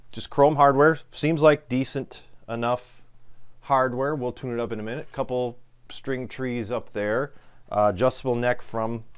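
A man's voice: mid-range voice, clear, resonant tone. Chatty Midwestern man reviewing a guitar. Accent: Midwestern American. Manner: relaxed, chatty, lots of ums and uhs. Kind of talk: casual product review.

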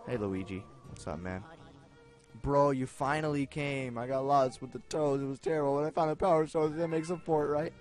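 A young man commenting on his own gameplay, excitable, self-mocking, and given to shouting at the game. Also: medium pitch, normal speed, soft background music. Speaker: gaming video host. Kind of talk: let's play commentary.

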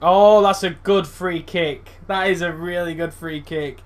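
Excitable young man commentating gameplay. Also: unhurried, soft background music. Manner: excitable, shouts and groans at players, jumps high when excited. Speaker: gaming YouTuber.

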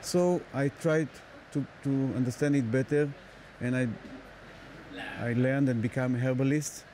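A man who works as a herbalist, speaking haltingly in an interview and repeating words as he searches for them. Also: mid-range voice, fairly even intonation, warm tone, a little hiss or hum, rough recording. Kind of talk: casual interview.

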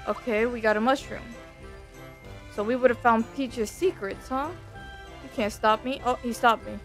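A woman's voice: a little high, fairly even intonation, normal speed. A young woman streaming a game, joking and teasing the characters in casual commentary. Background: game music.

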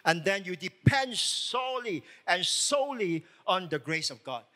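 Emphatic bright-voiced male pastor preaching. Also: sits high, very animated, a little slow. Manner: emphatic preaching with rhetorical questions. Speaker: lead pastor. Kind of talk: sermon.

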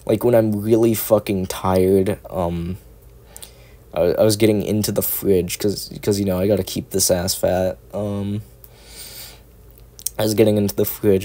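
Warm and on the low side, this young man's voice comes through a cheap mic as he chats at home. An ASMR creator, he rambles loosely, cursing and poking fun at himself.

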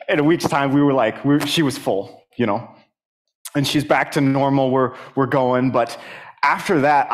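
Young man, mid-pitched voice, church testimony, halting, many fillers, rises with emphasis. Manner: rises higher and more emphatic when stirred. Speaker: church speaker. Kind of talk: personal testimony sermon.

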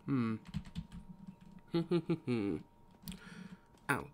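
A man's voice: mid-range voice, sing-song, drawn-out words, a little mellow. A tired man streaming a game live, casually rambling and muttering to himself as he plays.

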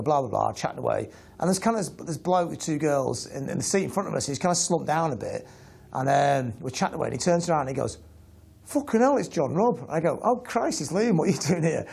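A man telling a lively anecdote in an interview, casual, and acting out the lines he quotes. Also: mid-range voice, vocal fry, husky. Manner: acts out the quoted lines in an animated way; casual, swearing.

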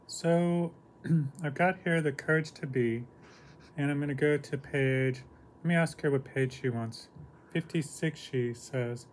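A man speaks at a middling pitch in a loose, unscripted monologue. He pauses, clears his throat often, and asks questions that he answers himself. A faint hiss of noise sits under his voice. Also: darkish tone. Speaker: entertainer talking to his angels. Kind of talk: casual monologue with book reading.

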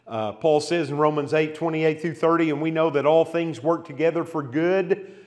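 A man leads a Bible study, his voice sitting a little high as he reads scripture aloud with growing emphasis. He keeps turning to the class with questions. A long reverb from the church hall hangs behind him. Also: normal speed, darkish tone. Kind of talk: expository Bible lesson.

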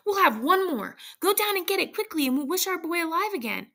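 A woman's voice: fairly high pitch, moderate pace, fairly bright tone. A woman voicing a grief-stricken old mother who pleads frantically in a read-aloud story. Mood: frantic. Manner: desperate, urgent pleading.

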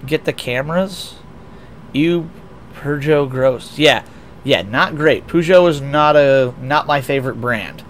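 A man's voice: on the high side, a little slow, slight background noise. A young American man streaming a racing game, chatting casually and rambling with lots of restarts and self-deprecating asides. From United States. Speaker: VTuber streamer. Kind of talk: casual livestream chat, reading chat aloud.

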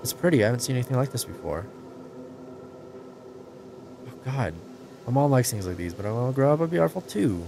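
An eerie masked boy with a violin, childish and slow-spoken in an unsettling way, as a man reads him aloud. The pitch wanders lively up and down. Noise hisses underneath. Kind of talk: reading game dialogue aloud in voices.

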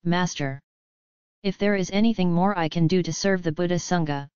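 A woman's voice: lowish voice, moderate pace, a little mellow, smooth, no echo, close to an everyday voice. A woman voicing a respectful young prince who makes a humble, polite offer to serve. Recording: dull lo-fi dry recording.

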